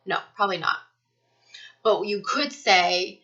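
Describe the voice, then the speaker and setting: A woman's voice: a little high, lively intonation, fairly quick, bright, forceful tone. A woman giving a casual spiritual energy reading, talking earnestly and rambling with many fillers. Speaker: spiritual reader. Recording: muffled lo-fi recording.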